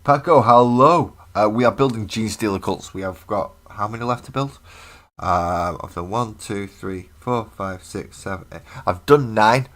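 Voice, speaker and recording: A man's voice: fairly low pitch, measured pace, a bit bright. A man with a mild English accent chatting casually with viewers on a livestream while building miniatures. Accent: English, milder than local broad accents. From England. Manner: chatty, answers viewers by name, mutters while working. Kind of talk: casual live chat while building models.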